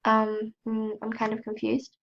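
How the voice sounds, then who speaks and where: Girl with a cold chatting thru her gameplay, kinda high and gravelly, muffled lo-fi mic. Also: completely flat delivery, unhurried. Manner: chatty, self-mocking, gasps and squeals when startled. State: has a cold. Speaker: gaming channel host. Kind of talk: casual gameplay commentary.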